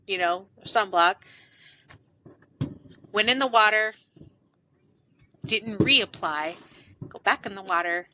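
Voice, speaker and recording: A woman's voice: medium pitch, pushed and bright, slight background noise, low-quality recording. A woman co-hosting a podcast, telling a story in casual chat and laughing often. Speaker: podcast co-host.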